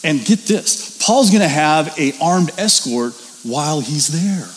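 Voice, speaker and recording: A man teaching a Bible study in a conversational, animated way, reading scripture and asking rhetorical questions. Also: on the high side, a little slow. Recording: reverberant room with faint hiss.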